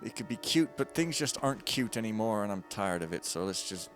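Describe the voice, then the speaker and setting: A man's voice: fairly low pitch, lively intonation, fairly quick, music in the background. Rambling, jokey gamer man. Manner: rambling, jokey, swings between loud bursts and mumbling. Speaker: gaming streamer. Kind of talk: casual let's-play commentary. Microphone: close desk mic.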